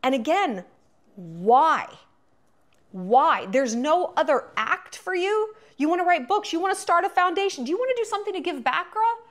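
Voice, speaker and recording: Woman host, 30s, casual profane commentary, bright and animated delivery. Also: very high-pitched, a little fast, hardly any pauses. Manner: chatty, profane, animated, lots of fillers.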